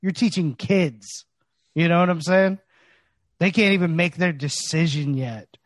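A man's voice: a little high, normal speed, no echo. A man co-hosting a podcast in casual comedic chat, mock-serious and joking. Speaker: podcast co-host.

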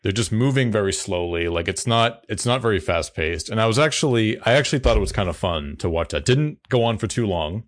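A man's voice: fairly low pitch, animated, fairly quick, hardly any pauses. A man co-hosting a podcast, chatting casually and rambling with frequent restarts. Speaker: podcast co-host. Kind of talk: casual chat.

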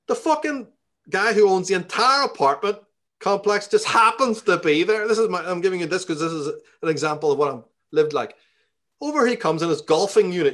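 A man from Belfast with a Northern Irish accent, telling a story in a casual interview, profane and heated as he rants. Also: on the high side. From Belfast, Northern Ireland.

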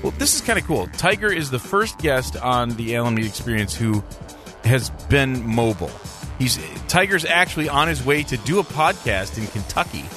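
A man's voice: mid-range voice, lively intonation, moderate pace, over music. A man hosting his own podcast as a dentist, chatting in an upbeat, jokey way with his guest. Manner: jokey, upbeat, sing-song. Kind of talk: casual interview.

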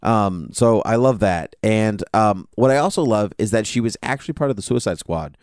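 A man co-hosting a podcast in casual chat, chatty and quick to laugh and sing a line. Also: fairly low pitch, animated, darkish tone, dry recording, studio quality. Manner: chatty, breaks into song and laughter. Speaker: podcast co-host.

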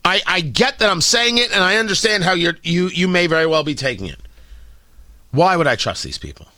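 A man's voice: high-pitched, expressive, brisk, pushed and bright, no room sound, studio quality. A man hosting an opinion commentary monologue, sardonic and opinionated, firing off emphatic rhetorical questions. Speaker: commentary show host.

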